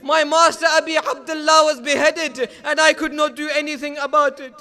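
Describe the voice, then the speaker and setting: A grief-stricken husband, agitated and helpless, as a preacher speaks his lines. The voice is very high and bright, held in a narrow pitch range. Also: little pitch movement, moderate pace. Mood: distraught. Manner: distraught, agitated. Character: distraught husband, helpless and grieving.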